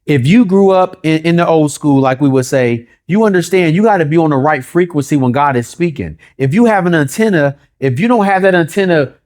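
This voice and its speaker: With expressive, brisk delivery and few pauses, this pastor's sermon rolls through repeated phrases and rhetorical questions. When quoting God, he falls to a hushed, low voice.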